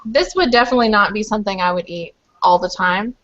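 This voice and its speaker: A woman's voice: mid-range voice, quick pace, a bit bright, dull audio. A woman from Louisville chatting casually on a group video call, rambling with lots of fillers. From Louisville, Kentucky. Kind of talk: casual chat.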